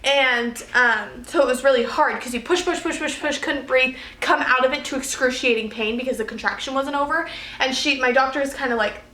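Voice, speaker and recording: A woman's voice: high voice, brisk, bright, forceful tone. A young woman vlogger telling a story in a casual, chatty way, with lots of fillers and laughs. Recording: echoey room.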